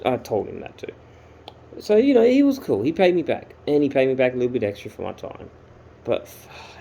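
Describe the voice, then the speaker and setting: Man, dark mellow tone, casual ranting vlogger. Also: mid-range voice, creaky, a little hiss or hum, low-quality recording. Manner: ranting, exasperated, sweary. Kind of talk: casual storytelling vlog.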